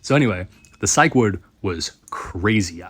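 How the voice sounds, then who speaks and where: A man's voice: on the low side, lively intonation, measured pace, fairly bright tone, husky, dry recording. A man in his thirties telling a rambling story with frequent laughs. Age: 30s. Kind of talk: casual storytelling.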